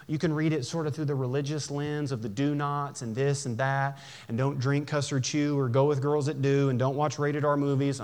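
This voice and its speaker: A man preaching a sermon in a church, conversational and animated, with jokes and acted-out voices. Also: medium pitch. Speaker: pastor.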